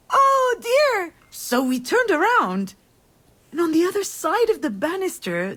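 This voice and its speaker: A woman's voice: high-pitched, a bit bright, exaggerated voice. A woman voicing a wry, anxious middle-aged woman in a video game, speaking earnestly and with feeling. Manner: earnest, emotional storytelling.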